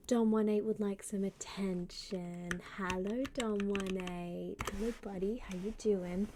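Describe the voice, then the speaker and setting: A woman streamer chatting casually with her viewers, greeting them by name and often dropping into a soft half-whisper. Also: medium pitch, fairly even intonation, slow, slight background noise. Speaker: live streamer. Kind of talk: casual live-stream chat.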